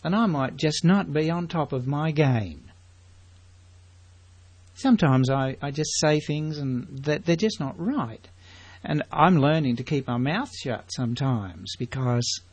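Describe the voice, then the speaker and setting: A man's voice: fairly high pitch, lively intonation, a little slow, darkish tone, slightly rough. A man preaching a sermon, emphatic and full of rhetorical questions to his congregation.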